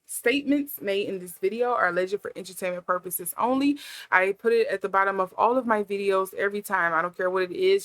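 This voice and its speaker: A woman's voice: mid-range voice, a bit bright, no echo. A woman hosting a tarot channel, talking casually to her viewers with chatty, laughing asides and sarcasm. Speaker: tarot reader. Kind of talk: casual chat to camera.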